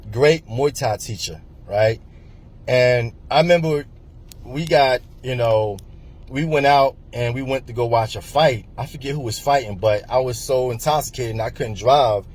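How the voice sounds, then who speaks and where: Husky-voiced man telling his life story. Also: medium pitch, moderate pace, a little mellow. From New Jersey, US. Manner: rambling, repeats himself, many fillers. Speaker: vlogger. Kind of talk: personal storytelling monologue.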